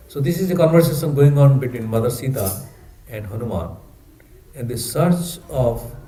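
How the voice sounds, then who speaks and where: A man, telling a sacred story in an animated, conversational sermon. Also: mid-range voice, roomy sound, poor audio. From India. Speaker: preacher. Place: roomy temple hall.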